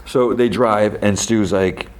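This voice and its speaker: A man with a very low voice hosts a podcast and recaps a show in a loose, rambling way. He leans on "like" and restarts his sentences, and he briefly acts out the characters' lines as he goes. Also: fairly even intonation, takes it slowly, clean tone. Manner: rambling retelling full of "like" and restarts, acting out quoted lines. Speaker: podcast host. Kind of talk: casual episode recap.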